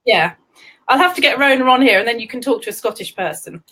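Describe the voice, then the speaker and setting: High, lively English woman host. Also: quick pace, slightly rough, low-quality recording. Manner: giggly, chatty. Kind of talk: casual live-stream chat.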